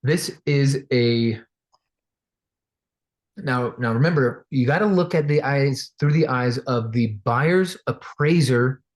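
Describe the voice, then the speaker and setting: Male real estate trainer, mid-pitched everyday voice, chatty storyteller who acts out the characters in his anecdotes. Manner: animated, acts out quoted voices; conversational with fillers and restarts. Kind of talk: casual storytelling lesson.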